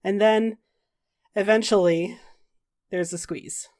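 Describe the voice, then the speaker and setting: A woman's voice: mid-range voice, steady tone, slow pace, darkish tone. A woman running a tabletop game as game master, narrating with wry, dry asides and casual swearing.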